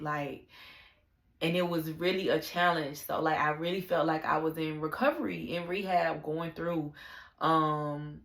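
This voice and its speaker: A woman's voice: deep voice, steady tone, normal speed, creaky, a bit bright, reverberant. A young woman talking candidly in a casual personal vlog, confiding and full of slang and fillers. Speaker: vlogger.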